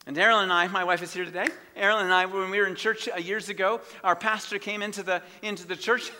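A man preaching a sermon in a church, impassioned, swinging between hushed asides and loud declarations. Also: high voice, in a large hall.

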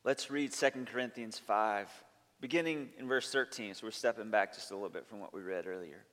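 A man's voice: on the low side, brisk, a bit bright. A male pastor preaching a sermon, earnest and emphatic, stacking up long lists of points. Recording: long reverb of a large hall.

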